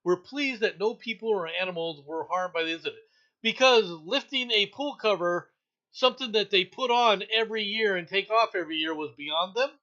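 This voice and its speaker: A man's voice: high-pitched, moderate pace, bright, forceful tone. A man hosting a casual news commentary show, reading stories aloud with wry asides and frequent laughter. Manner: laughs often, wry asides, mock quotes. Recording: dull lo-fi sound.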